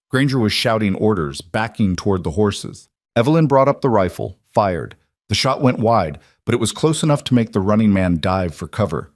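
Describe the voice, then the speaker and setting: A man narrating a scripted western story in a steady, even way. His voice sits low. The sound is dry and close. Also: no room sound.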